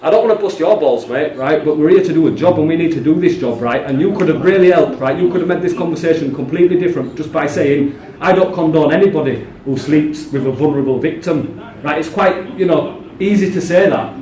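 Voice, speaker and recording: A man's voice: fairly high pitch, fast talker, hardly any pauses, dark tone, recorded from a distance. A man filming a confrontation with police at a station counter, talking passionately and insistently and calling everyone mate. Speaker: citizen journalist filming police. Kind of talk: heated confrontation on camera. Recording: echoey lobby, off-mic, busy background.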